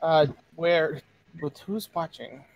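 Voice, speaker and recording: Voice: mid-range voice, slow pace. A player in a tabletop game, talking casually over headphones with a mic, hesitant and self-correcting.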